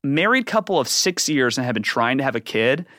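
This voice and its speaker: Lively, bright-voiced man telling a comic story. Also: fairly quick, dry recording, studio quality. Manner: rambling, acts out quotes with big pitch jumps. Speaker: podcast guest, comedian. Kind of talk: animated comedic storytelling.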